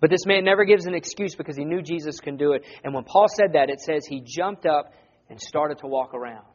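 A man preaching a sermon in an earnest, conversational way that rises to loud emphasis. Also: a little high, fairly quick, dull audio.

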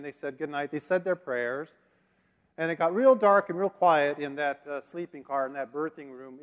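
A middle-aged man giving a sermon as a guest missionary speaker, telling folksy stories with drawn-out fillers. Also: on the high side. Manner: folksy storytelling, drawling fillers. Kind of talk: sermon with a joke and slides. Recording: long hall reverb.

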